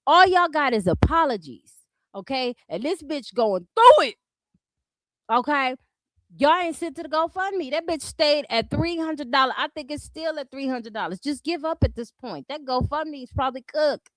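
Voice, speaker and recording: A woman's voice: sits high, lively intonation, normal speed, no room sound. Blunt, mocking woman commentator. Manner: blunt, mocking, rhetorical questions. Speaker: commentary streamer. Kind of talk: profane drama commentary.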